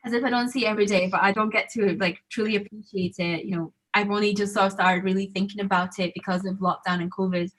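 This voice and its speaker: A woman's voice: mid-range voice, fairly even intonation, fast talker, few pauses, fairly bright tone, poor audio. A young woman from Zambia with a blend of Zambian, American and Scottish accents, chatting casually on a panel and laughing often. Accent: mixed Zambian, American and Scottish.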